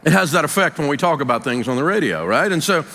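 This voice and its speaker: An older man with a Southern US accent giving a folksy, emphatic business talk, dropping his voice low to stress points. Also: animated, fast, bright, forceful tone, big-room sound. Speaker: business speaker and radio host.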